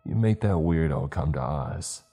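A man's voice: rumbling low, expressive, measured pace, husky, faint music behind, heavily acted. Moose, a man voicing a scared young guy whispering. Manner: hushed and urgent.

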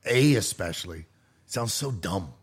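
Halting Canadian man, low-pitched co-host. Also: lively intonation, a crowd in the background. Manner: halting, restarts his sentences. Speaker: podcast co-host. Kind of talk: casual banter.

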